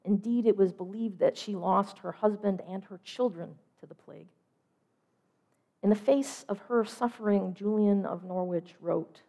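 A middle-aged woman giving a measured, reflective sermon, trailing off softly at the ends of phrases. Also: medium pitch. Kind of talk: sermon storytelling.

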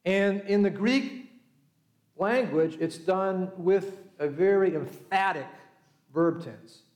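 A man's voice: high voice, slow pace, darkish tone, echoey room. A middle-aged male pastor preaching a sermon, telling the story conversationally and acting out the quoted voices. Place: church.

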